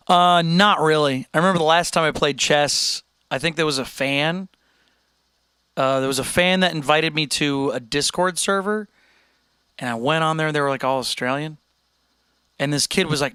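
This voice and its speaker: A man's voice: fairly high pitch, normal speed, pauses often, pushed and bright, clear, resonant tone, no echo. A man hosting a casual livestream chat, rambling and laid-back, laughing often. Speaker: streamer host.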